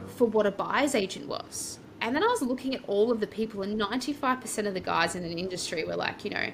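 A woman's voice: medium pitch, a bit bright, a little hiss or hum. An Australian woman, a podcast guest, telling her story in a chatty, rambling way and acting out her own past thoughts. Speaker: podcast guest, property coach. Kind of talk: casual storytelling interview.

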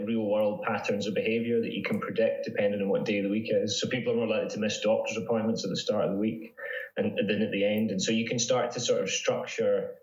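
Low-voiced man, chatty guest. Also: reverberant, lo-fi sound. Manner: chatty, with many restarts and laughs. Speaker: psychology researcher guest. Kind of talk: casual interview chat.

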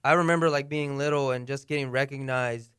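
Reflective man with a smooth voice. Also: mid-range voice, fairly even intonation, a little fast, fairly bright tone, no room sound, studio quality. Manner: reflective, reminiscing, many "like" fillers. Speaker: podcast guest, radio host. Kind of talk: casual chat.

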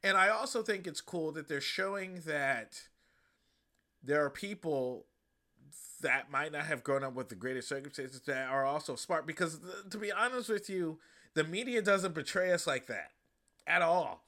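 A man hosting a podcast, reviewing a movie in a loose, profane, animated way. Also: a little high, normal speed. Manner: loose, profane and animated, acting out quoted lines. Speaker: podcast host. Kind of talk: casual comedic movie review.

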